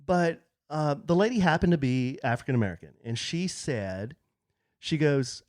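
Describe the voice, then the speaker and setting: A man co-hosting a podcast, telling a story in a casual, animated way and acting out the people in it. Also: on the high side, normal speed, no room sound, studio quality. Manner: animated storyteller, acts out quoted voices, laughs often. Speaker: podcast co-host. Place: podcast studio.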